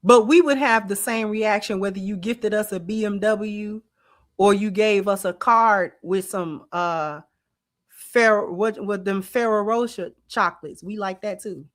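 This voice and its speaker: A middle-aged woman, hosting a casual livestream and talking straight to her viewers in an animated, drawling way. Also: mid-range voice, a little slow. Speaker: channel host.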